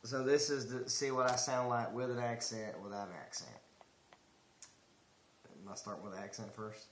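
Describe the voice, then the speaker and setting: A man in a casual home video, slowly reading a practice sentence in a halting way. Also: mid-range voice, steady tone, a bit bright, a little hiss or hum. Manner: slow, halting reading, breaks into laughter. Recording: echoey room clip played on stream.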